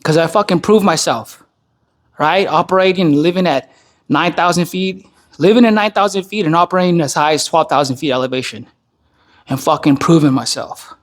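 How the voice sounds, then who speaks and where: Blunt, profane army veteran man, fairly high voice. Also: fairly quick. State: tired, worn down by recent illness. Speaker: army veteran turned speaker. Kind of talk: casual spoken monologue.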